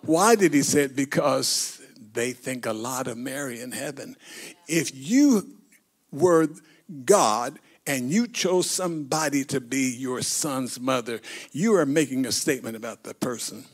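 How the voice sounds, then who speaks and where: Preaching as a bishop, a man with a mid-range, unhurried voice and a breathy edge narrates scripture as a story. He acts it out and leads the congregation in call and response.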